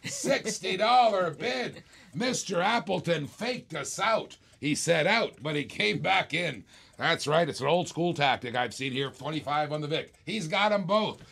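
Gravelly man calling a live auction. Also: on the high side, lively intonation, measured pace, fairly bright tone. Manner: playful, repetitive bid patter with jokes. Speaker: auctioneer and host.

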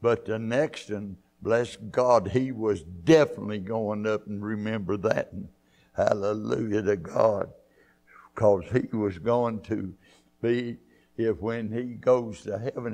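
A man preaching a church sermon, fervent, rising to loud high peaks and throwing in hallelujahs. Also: steady tone, unhurried, creaky. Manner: punctuates with hallelujahs and amens. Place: church sanctuary.

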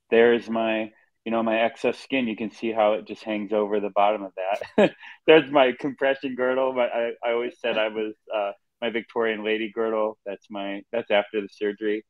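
A man's voice: lowish voice, dry recording. A man in his thirties, a guest on a live talk show, speaking candidly in a heartfelt, emotional way. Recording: dull dry lo-fi audio.

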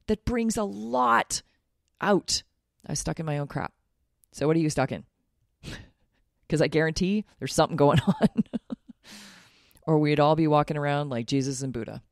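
A woman's voice: sits low, vocal fry, darkish tone, no room sound, clean studio sound. A woman hosting her own podcast as a life coach, talking in an earnest, upbeat and self-revealing way. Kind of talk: solo podcast monologue.

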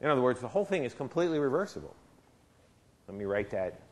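A man's voice: medium pitch, very animated, quick pace. A man who is a university chemistry professor, giving a lecture and asking his class questions in a conversational way. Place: lecture hall.

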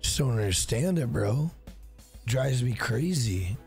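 A man's voice: medium pitch, animated, unhurried, gravelly, darkish tone, soft background music. A man streaming a fighting game live, talking casually, swearing freely and trash-talking the opponent. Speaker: gaming streamer.

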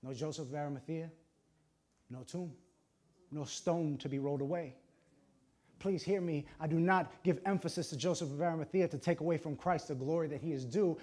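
Preaching with fervor, a pastor whose voice is on the high side alternates between hushed tones and loud declarations. Dramatic pauses and short, emphatic lines mark his sermon.

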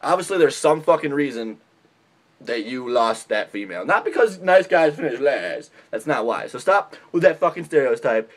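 A man's voice: mid-range voice, expressive, moderate pace. A young man ranting bluntly and profanely in a comedic vlog, mocking other people with put-on impressions. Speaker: vlogger giving dating advice.

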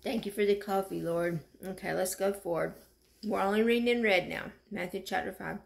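A woman's voice: mid-range voice, fairly even intonation, brisk, gravelly. A woman leading a fervent early-morning prayer and reading scripture aloud, decreeing and declaring. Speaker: prayer leader. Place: at home, just woken up.

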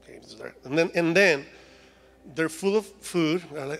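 Mexican-accented preacher with a high voice. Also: male voice, moderate pace, creaky, fairly bright tone, in a large hall. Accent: Mexican Spanish. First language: Spanish. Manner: humorous, acts out voices of complaining people. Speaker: guest preacher. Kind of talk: sermon. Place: church sanctuary.

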